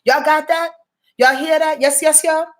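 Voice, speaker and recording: New lady in her late 40s, high voice, cussing and preaching her weekly astrology rundown, says things twice. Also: steady tone, moderate pace. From New York. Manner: emphatic, profane, preachy, repeats phrases.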